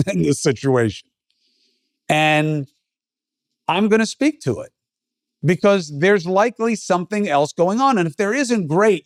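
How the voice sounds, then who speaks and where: A man's voice: high voice, dry recording, clean studio sound. A middle-aged man hosting his own podcast, giving a blunt, emphatic opinion monologue in a conversational way and swearing now and then. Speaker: podcast host.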